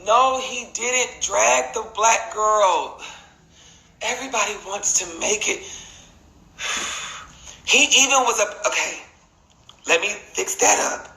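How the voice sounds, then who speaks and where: Man, casual live-stream monologue, earnest, deliberate repetition, slow delivery, roomy echo on a phone mic. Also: sits high, gravelly, pushed and bright. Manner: earnest, halting, repeats points deliberately.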